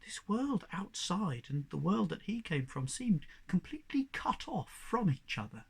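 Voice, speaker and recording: A man reading a children's novel aloud as narrator, measured and expressive. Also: high voice, vocal fry, breathy edge. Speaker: audiobook narrator. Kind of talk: storybook narration.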